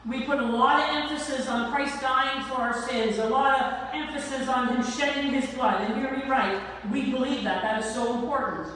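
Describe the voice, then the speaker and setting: A woman pastor preaching a sermon, slow and emphatic, drawing out the ends of her lines. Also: high voice, a bit bright, a little hiss or hum. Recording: echoey church hall from far off.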